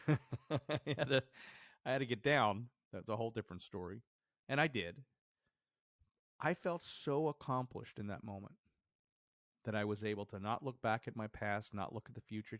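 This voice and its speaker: A man hosting a podcast, telling a personal story in a lively way and acting out the dialogue he remembers. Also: fairly low pitch, no room sound, clean studio sound. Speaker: podcast host.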